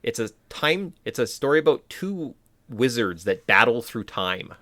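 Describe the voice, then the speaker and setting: A man's voice: mid-range voice, sing-song, unhurried, sharp tone, no echo. A man co-hosting a casual podcast, rambling through filler words and mock quotes. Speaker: podcast co-host. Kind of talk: casual chat.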